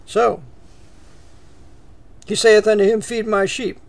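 Male preacher, high gravelly voice, dry close sound; reads scripture then explains it plainly, loud peaks and hushed drops. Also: level tone, slow pace, dry recording. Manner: rises to emphatic peaks, drops to near-whisper asides; reads scripture in old English, then paraphrases conversationally. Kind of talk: expository sermon.

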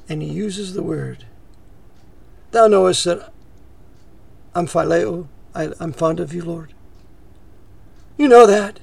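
A man preaching a sermon, reading scripture aloud and paraphrasing it in casual speech, swinging from emphatic peaks to hushed asides. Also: sits high, slow pace, creaky, pauses often, breathy edge, no echo. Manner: rises to emphatic peaks, drops to near-whisper asides; reads scripture in old English, then paraphrases conversationally. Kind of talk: expository sermon.

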